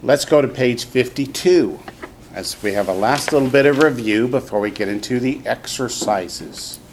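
A man's voice: mid-range voice, moderate pace, noisy background. A man teaching a classroom language lesson, patiently repeating his students' answers before explaining.

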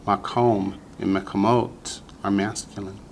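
A man teaching a Hebrew vocabulary lesson to a class, patient and slow, repeating each word for the students. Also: fairly low pitch, level tone, slight background noise.

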